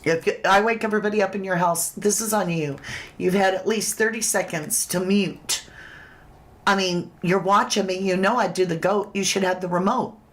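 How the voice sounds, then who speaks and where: A woman's voice: medium pitch, steady tone, moderate pace. A woman hosting a casual true crime livestream, chatting straight to her viewers and reading their comments aloud.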